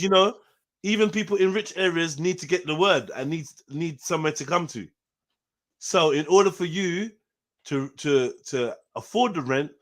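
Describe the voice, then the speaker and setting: A man chatting loosely on a live panel show. His voice sits a little high for a man. He jokes around, laughs easily and swears without a second thought. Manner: animated, joking, laughs often, swears freely. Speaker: host. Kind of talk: casual live panel chat.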